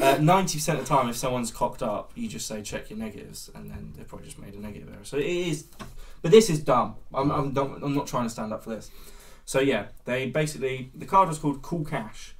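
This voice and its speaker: Fast-talking man, jokey host. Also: mid-range voice, creaky, far from the mic. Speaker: podcast host. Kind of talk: casual chat.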